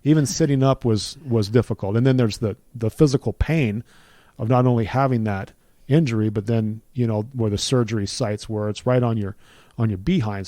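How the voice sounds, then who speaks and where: A man's voice: lowish voice, warm tone, no echo. A middle-aged man giving an earnest personal testimony in conversation, building his points with repeated phrases like a preacher.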